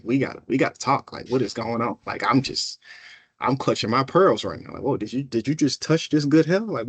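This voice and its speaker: A man presenting a workplace training in a casual, animated way, acting out coworkers' voices as he goes. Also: medium pitch, dry recording. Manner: animated, conversational, acts out coworkers. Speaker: equity officer presenting a workshop.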